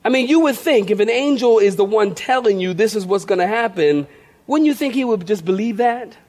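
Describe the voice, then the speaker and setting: A male pastor preaching a sermon with humorous, animated storytelling. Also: high voice, brisk.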